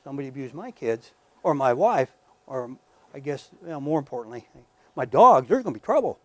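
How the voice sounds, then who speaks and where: A man's voice: mid-range voice, very animated, brisk, no room sound. A man lecturing at a workshop in a conversational, emphatic way, often repeating words and speaking straight to his audience. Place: lecture room.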